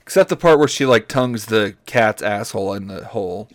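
A man co-hosting a comedy podcast, reading a story aloud in a deadpan way and stopping to comment on the text. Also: lowish voice, a little fast, dry recording. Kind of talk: comedic read-aloud with banter.

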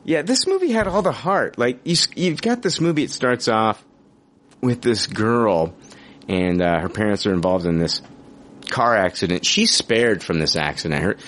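A man hosting a casual podcast, talking in an animated, profane, mock-outraged way. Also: medium pitch, normal speed. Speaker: podcast host.

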